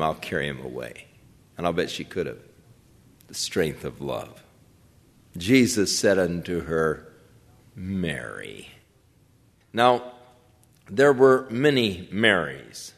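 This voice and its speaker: An older man preaching a sermon in a slow, measured way, acting out the lines he quotes. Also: on the low side. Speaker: pastor. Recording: long reverb of a large hall.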